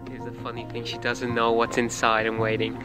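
A man's voice: mid-range voice, monotone, brisk, over loud music. A man chatting casually on a vlog in a playful, teasing way. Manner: playful, teasing, laughs often. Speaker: vlogger, partner giving surprises.

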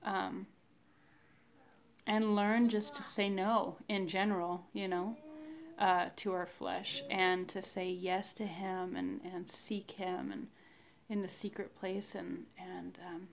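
Woman, casual devotional diary, slow and thoughtful, gravelly fry in the voice. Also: on the low side, flat delivery, a little hiss or hum. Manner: slow, reflective, devotional, with many fillers. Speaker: vlogger sharing a fasting diary. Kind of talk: casual spoken faith diary.

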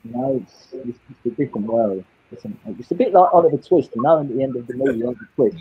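Husky Cockney man in his late fifties. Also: medium pitch, fast, few pauses, lo-fi sound. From England. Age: 50s. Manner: rambling, repeats words and restarts often. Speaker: guest. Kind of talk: candid personal storytelling.

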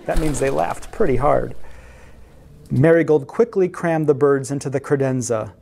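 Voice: medium pitch, normal speed, vocal fry, dark tone, a faint crowd. A library storyteller reading picture books aloud to children, who asks the listeners questions and explains words along the way.

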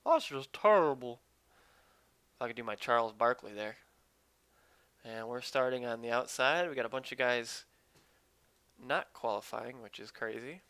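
A man's voice: medium pitch, steady tone, normal speed, long pauses, pushed and bright, no room sound. A man commentating his own online racing game live, chatting with viewers while he drives. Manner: upbeat, talks to chat while driving.

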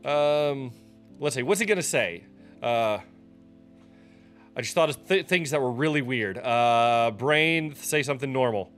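A man talking through a software tutorial in a casual, loose way, often pausing with ums and restarting his sentences. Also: mid-range voice, animated, faint music behind. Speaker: streamer teaching a software tutorial. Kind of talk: casual screen-recorded tutorial.

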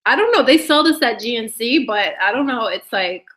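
A woman's voice: a little high, expressive, normal speed, a bit bright. A young woman chatting to her viewers in a rambling, giggly way, swearing freely. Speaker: YouTuber talking to live chat. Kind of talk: casual chat to viewers.

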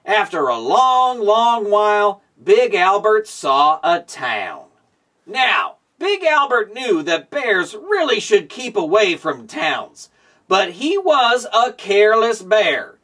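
A man hosting a show and reading a children's storybook aloud in a slow, expressive storytelling way. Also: high-pitched, recorded from a distance. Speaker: show host.

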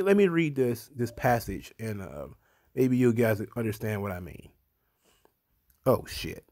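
A man's voice: medium pitch, no room sound. A man in the middle of his range talks bluntly into a close, dry mic, his commentary casual and sarcastic. He waves things off with scorn and stumbles into restarts now and then. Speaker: online commentary host.

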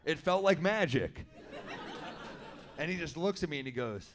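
A man telling a story in stand-up comedy at an indoor venue, with a wry, deadpan delivery. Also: on the high side, normal speed, crowd noise.

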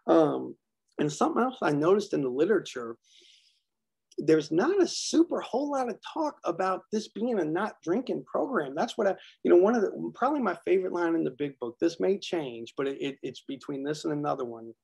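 Workshop speaker, man, raised pitch with a rough, gravelly edge, loose rambling stories. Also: lively intonation, brisk, a little mellow. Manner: rambling, self-deprecating storyteller. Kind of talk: casual sharing at a recovery workshop.

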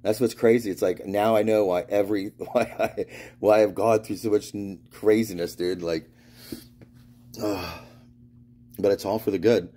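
Mellow-voiced man rambling profanely. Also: lowish voice, fairly even intonation, moderate pace, long pauses. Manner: profane, laughs through his stories; meandering, restarts and trails off. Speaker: spiritual vlogger. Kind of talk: rambling monologue.

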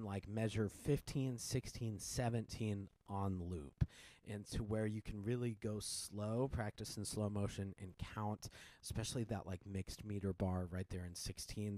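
A man explaining his piano piece in a casual tutorial, relaxed, with many fillers and restarts, counting beats aloud. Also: medium pitch, dry recording. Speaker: piano teacher and composer.

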